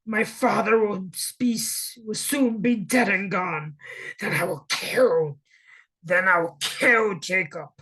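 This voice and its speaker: A woman's voice: mid-range voice, slow, sharp tone, husky, exaggerated voice. A woman voicing a bitter young man who was cheated of his birthright, pleading and indignant in turn. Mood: vengeful.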